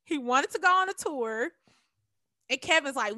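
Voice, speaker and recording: A woman casually recapping a TV episode, animated and acting out the characters' lines as she tells it. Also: high voice, normal speed, dry recording. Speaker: TV recap podcast co-host.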